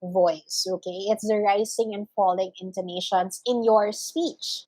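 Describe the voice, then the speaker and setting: A woman's voice: on the high side, darkish tone, no room sound, poor audio. A woman teacher giving a recorded lesson, explaining patiently and leaning on fillers like "of course" and "okay".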